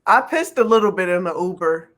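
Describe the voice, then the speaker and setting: A woman co-hosting a late-night podcast, telling stories in lively casual chat and often breaking into laughter. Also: lowish voice, fairly quick. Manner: lively storytelling with bursts of laughter. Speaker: podcast co-host.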